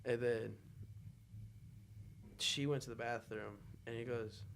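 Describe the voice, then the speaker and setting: A man hosting a podcast, telling stories in a casual, animated way and often bursting into loud laughter. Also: mid-range voice, slow, creaky, slight background noise. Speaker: podcast host.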